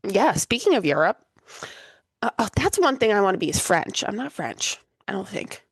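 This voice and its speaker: Gravelly-voiced woman podcast co-host. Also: mid-range voice, no room sound. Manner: relaxed, agreeable replies and quick comments. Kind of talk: casual chat.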